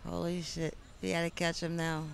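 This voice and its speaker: Excitable high-voiced man outdoors. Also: moderate pace, vocal fry. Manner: excitable, cheers and swears loudly. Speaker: podcast host. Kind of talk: casual live podcast chat. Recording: loud street noise behind the voice.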